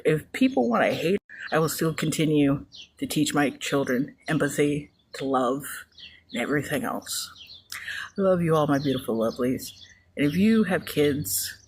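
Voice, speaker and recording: A woman's voice: deep voice, slight background noise. Earnest, emotional mother telling her story. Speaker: mother sharing a personal story. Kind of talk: personal video monologue.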